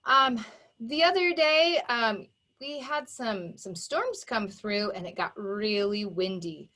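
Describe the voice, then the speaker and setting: Slow, clear-spoken woman phonics teacher. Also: medium pitch, expressive. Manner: sounds words out slowly and emphatically, warm encouraging praise. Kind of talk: slow, exaggerated phonics dictation for young children.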